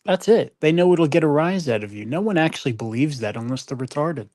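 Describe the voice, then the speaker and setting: A co-host on a livestream, talking in a calm and reassuring way. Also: medium pitch, brisk, no room sound, studio quality. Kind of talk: casual livestream chat.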